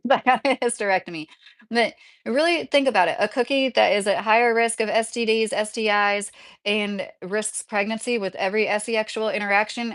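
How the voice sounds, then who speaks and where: A middle-aged woman livestreaming, chatting casually with her viewers in a rambling, earnest way and filling her talk with "like". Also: fairly high pitch. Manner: rambling and earnest, heavy use of "like". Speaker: livestreamer reading chat.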